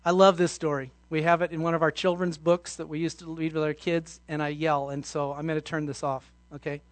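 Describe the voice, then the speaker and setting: A man preaching a sermon, telling Bible stories and acting out scenes with sudden shouts. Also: on the high side, level tone, a little fast, no room sound. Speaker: pastor.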